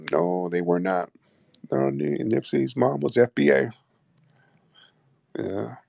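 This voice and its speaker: A man's voice: medium pitch, vocal fry, darkish tone, breathy edge, dry recording, studio quality. A man hosting a live call-in stream, blunt and skeptical, calling everyone brother.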